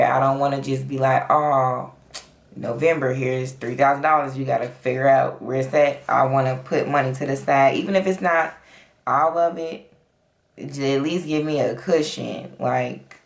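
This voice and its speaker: A woman's voice: very deep voice, creaky, reverberant. A young adult woman, chatting casually and playfully as she talks through her savings and counts cash aloud. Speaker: budgeting vlogger. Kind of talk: casual chat to camera.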